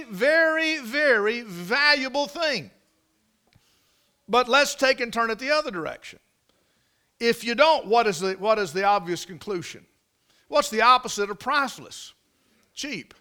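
High, bright-voiced preaching man. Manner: preaching with repeated words, drawn-out emphasis and rhetorical questions. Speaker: pastor. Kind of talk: sermon.

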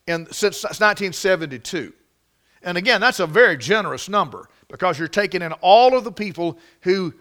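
A man's voice: high-pitched, pushed and bright. A man preaching a sermon, emphatic and prone to restarts. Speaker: pastor.

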